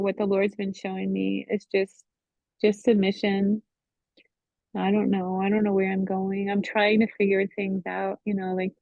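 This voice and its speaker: A woman's voice: medium pitch, creaky, darkish tone, no room sound. Emotional woman on a tinny line. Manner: emotional, halting, full of "you know". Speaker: Bible study member. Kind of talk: personal faith testimony. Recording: tinny phone-line sound, dry.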